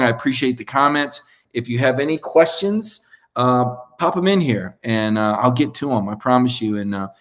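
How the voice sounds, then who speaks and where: Male sports host, chatty and rambling, closing a live show. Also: medium pitch. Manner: chatty, rambling with fillers and restarts. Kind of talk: live show sign-off monologue.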